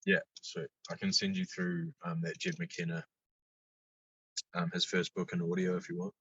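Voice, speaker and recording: A man chatting casually as a podcast guest, laid-back, swearing freely and getting lively when he tells stories. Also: deep voice, moderate pace, slightly rough, no echo, muffled recording. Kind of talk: casual chat.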